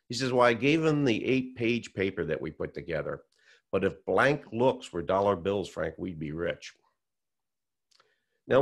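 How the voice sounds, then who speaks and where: A man with a deep, gravelly voice tells his story in an interview. He acts out the conversations he quotes as he goes. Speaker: whistleblower telling his story.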